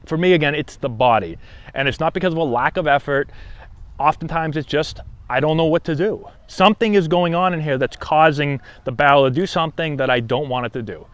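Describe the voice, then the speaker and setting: A man coaching baseball hitting straight to camera, his voice pitched a little high and recorded dry and close. He talks casually, keeps checking in with the viewer, and explains things in an easy, conversational way. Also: brisk, dry recording. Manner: conversational, frequent "right?" check-ins. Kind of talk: casual instructional talk to camera.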